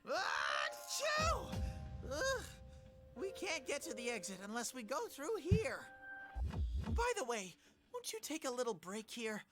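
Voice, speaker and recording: A high, sing-song bear boy, all fretting and cheer, as a woman acts him out. The voice bounces up and down with eager, doting warmth. It sounds like a fan reading of a game script. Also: big pitch swings, moderate pace, long pauses, loud music behind the voice. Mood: fretful. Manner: bubbly and fretful, doting on a companion. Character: cheerful, fussy young male bear mascot.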